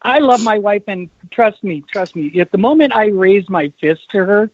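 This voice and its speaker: A man guests on a casual chat show, stumbling over repeated words while he jokes. His voice is high for a man and husky. The audio is dull and lo-fi. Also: lively intonation, normal speed, no room sound. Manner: stammering, joking, repeats words. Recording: dull lo-fi internet radio audio.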